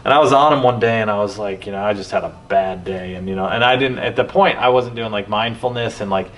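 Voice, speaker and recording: A man hosting a podcast, telling stories in a rambling, animated way with many restarts. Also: lowish voice, quick pace. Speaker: podcast host. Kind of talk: casual conversation. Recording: distant mic with faint background noise.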